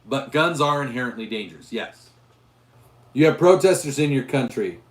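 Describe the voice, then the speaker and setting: A hoarse man hosting a casual livestream about guns, rambling with restarts as he answers viewers' chat. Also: mid-range voice, expressive, normal speed, reverberant. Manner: rambling, with frequent restarts and fillers. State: hoarse, losing his voice. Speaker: gun channel host reading live chat.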